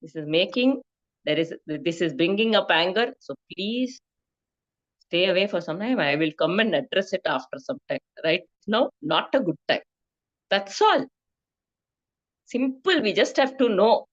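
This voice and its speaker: Brief: woman, mid-pitched, teaching a scripture class over a slightly dull call line. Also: lively intonation, a little slow. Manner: explanatory, tags questions with "no?". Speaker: study group teacher. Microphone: video call.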